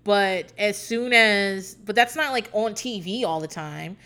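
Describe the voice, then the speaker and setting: A young woman from Virginia hosting a podcast, chatting casually, cursing freely, laughing a lot and acting out quotes in a high voice. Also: a little slow, pushed and bright. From Hampton Roads, Virginia. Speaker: podcast host. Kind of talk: casual storytelling chat.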